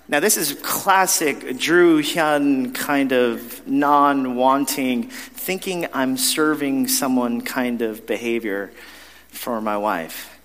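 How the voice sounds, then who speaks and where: Conversational pastor in a reverberant hall. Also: male voice, mid-range voice, slow, fairly bright tone. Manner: conversational, self-deprecating storytelling with frequent restarts. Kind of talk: sermon. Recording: long reverb of a large hall.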